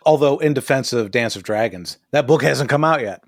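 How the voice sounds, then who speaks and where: A man's voice: mid-range voice, expressive, a little fast, no room sound, clean studio sound. Profane, joking male podcast co-host. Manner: profane, joking, laughs often. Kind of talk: casual podcast chat recapping TV episodes. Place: podcast studio.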